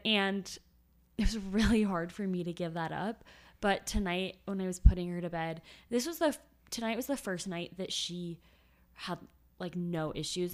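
A woman's voice: fairly low pitch, a little mellow. A woman co-hosting a podcast, chatting casually in a heartfelt, emotional way and laughing often. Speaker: podcast co-host.

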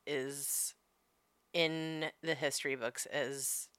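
A woman's voice: low-pitched, steady tone, drawn-out words, a bit bright, smooth, no room sound. A woman in her forties co-hosting a casual chat, rambling and swearing as she tells a story with laughs. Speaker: podcast co-host.

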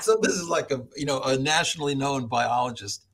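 A middle-aged American man, a professor, telling stories as a podcast guest, animated, laughing often and acting out other people's voices. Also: mid-range voice, fairly quick, slight background noise. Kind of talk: storytelling in an interview.

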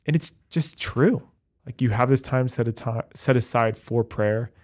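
A man, a Catholic priest, talking in a relaxed, animated chat full of fillers like "like" and "you know". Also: medium pitch. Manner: fast, animated, many fillers. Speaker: Catholic priest, podcast co-host. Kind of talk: casual chat.

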